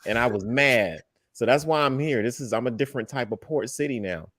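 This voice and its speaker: A man co-hosting a casual, heated chat, getting animated and breaking into loud outbursts when he quotes others. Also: mid-range voice, a little fast, no room sound, studio quality. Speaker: podcast co-host.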